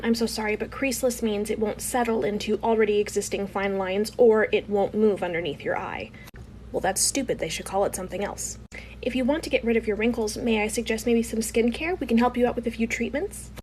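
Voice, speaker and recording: A woman's voice: medium pitch, slight background noise. A woman acting out a comedy skit, switching between an overly polite clerk and a curt customer.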